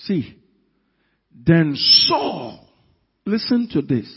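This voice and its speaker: Emphatic preacher in a reverberant hall. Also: male voice, on the high side, lively intonation, measured pace, breathy edge. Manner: dramatic, emphatic storytelling with sudden loud peaks. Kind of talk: sermon. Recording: dull sound in a reverberant hall.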